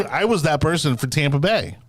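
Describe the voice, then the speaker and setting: A man's voice: on the high side, animated, moderate pace, fairly bright tone, no echo. A man hosting a casual political podcast chat, rambling with lots of fillers and restarts. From Florida. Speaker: podcast host.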